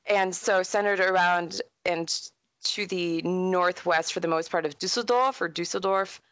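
A woman, an author and historian speaking as a guest in a casual interview, chatty and animated as she tells stories. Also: on the low side, a little slow, clean tone, dry recording. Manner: chatty, animated storyteller with frequent laughs.

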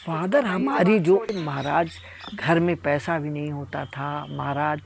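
A man's voice: fairly high pitch, rapid-fire, gravelly, crowd noise. A man in his eighties from India, reminiscing about his childhood. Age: 80s. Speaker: interviewee.

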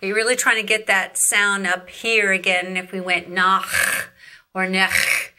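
A woman's voice: mid-range voice, little pitch movement, measured pace, bright, forceful tone, a little hiss or hum. A woman vocal coach teaching growling and screaming, demonstrating each sound and praising the student. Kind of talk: scripted vocal lesson.

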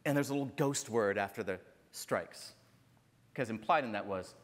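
A fairly low-voiced man speaking at a moderate pace, he's an author from northern Minnesota, USA, telling a personal story on stage at a literary festival. His delivery is earnest and emphatic; he repeats phrases and often caps his points with "right?". The recording comes from a large, reverberant lecture hall.

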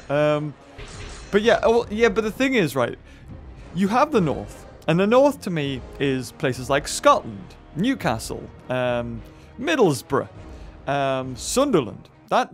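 A man's voice: fairly high pitch, sing-song, unhurried, soft background music. A man from England, hosting casual let's-play commentary, rambling and chatty with lots of fillers and restarts. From northern England. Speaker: gaming video host.

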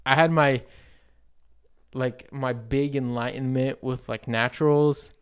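A man's voice: mid-range voice, slow pace, clear, resonant tone. A man co-hosting a podcast, chatting casually with lots of fillers and easy laughs. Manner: relaxed, laughing, filler-heavy. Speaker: podcast co-host.

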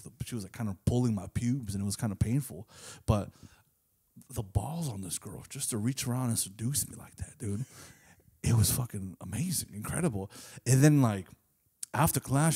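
Young male co-host, mid-pitch voice, rambling comic anecdotes. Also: dark tone, slightly rough. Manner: loose, rambling, swearing, laughs often. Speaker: podcast co-host. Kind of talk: casual comedic storytelling.

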